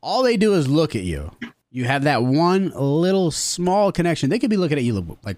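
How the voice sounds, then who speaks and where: A man chatting on a comedy podcast, his pitch bouncing all over as he jokes. His delivery is crude and playful. The sound is dry and close. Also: moderate pace, no echo. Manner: animated, crude, jokey storytelling. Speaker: podcast co-host. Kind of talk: casual comedic chat.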